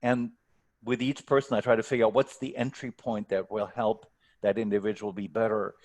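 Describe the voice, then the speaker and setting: A man's voice: lowish voice, flat delivery, brisk, darkish tone. Man coaching on a video call. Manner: thoughtful, repeats words when starting sentences. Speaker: guest speaker and coach. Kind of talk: online workshop Q&A.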